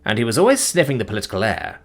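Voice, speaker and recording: A man narrating a science-fiction story in an expressive storytelling manner. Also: fairly low pitch, racing. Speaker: audiobook narrator.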